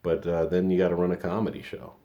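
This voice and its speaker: A man's voice: low voice, little pitch movement, fast, mellow, dull audio. A man in his fifties telling a personal story in a rambling, reflective way, with many restarts. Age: 50s. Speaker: podcast host and comedian.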